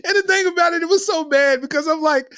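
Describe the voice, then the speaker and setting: A man's voice: very high voice, fast, fairly bright tone, no room sound, clean studio sound. A middle-aged man hosting a comedy podcast, telling stories in a loose, slangy way and breaking into laughter between lines.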